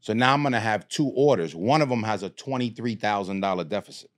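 A man's voice: lowish voice, fast talker. A middle-aged man, telling a story in a casual podcast chat, streetwise and profane. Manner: animated, streetwise storytelling with swearing. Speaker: podcast guest.

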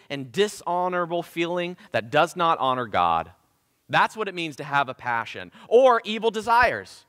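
A man preaches a sermon with real fervor, leaning on repetition and questions put to the congregation. His voice sits high and bright and swings widely in pitch. A long reverb trails every phrase, as if caught in a large hall. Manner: impassioned, with emphatic repetition and rhetorical questions. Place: church sanctuary.

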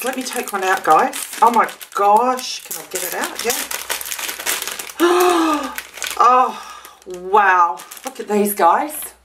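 A woman chatting casually to camera while unboxing a gift parcel, gushing and gasping with excitement. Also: a little high, slight background noise. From Australia. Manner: gushing, gasping, many exclamations. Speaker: vlogger.

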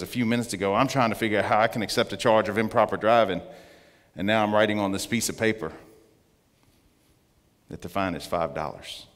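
A man giving an earnest testimony as a guest speaker in church, slowing down to stress his points. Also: on the low side. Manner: earnest storytelling, slowing for emphasis. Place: church sanctuary. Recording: long church reverb.

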